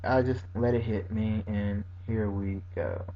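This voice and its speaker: Excitable man commenting on a game. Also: fairly low pitch, a little slow. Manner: animated, reacts with exclamations. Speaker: gaming commentator. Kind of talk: casual battle commentary. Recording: dull lo-fi recording with faint hum.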